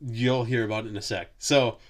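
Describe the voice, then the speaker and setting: A man's voice: medium pitch, fairly even intonation, a little fast. Profane, rambling man telling a story. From Wisconsin. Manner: profane, rambling, lots of filler words. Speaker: podcast host. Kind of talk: casual storytelling chat.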